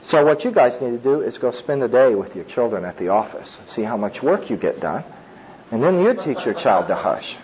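In a lo-fi recording, a middle-aged man preaches on disciplining children at a moderate pace, his medium-pitched voice swinging widely in pitch. His sermon stays conversational, sprinkled with asides and laughter.

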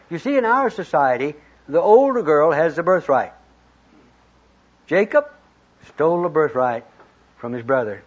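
Man, preacher, folksy storytelling sermon, slightly high husky voice. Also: moderate pace, pauses often. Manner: folksy, retells scripture in plain talk with lively quoted voices. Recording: dull lo-fi recording.

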